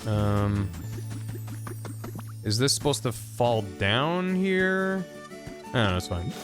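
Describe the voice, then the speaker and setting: A man streaming a video game who thinks aloud in a rambling, casual way and reads in-game text out loud. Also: mid-range voice, big pitch swings, takes it slowly. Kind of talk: casual gameplay commentary. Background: game music.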